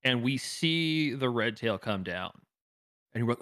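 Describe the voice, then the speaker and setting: A man's voice: mid-range voice, no echo, studio quality. A man co-hosting a casual chat, ranting profanely about a show and acting out quotes. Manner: fast, animated, profane ranting with acted-out quotes. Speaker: podcast co-host.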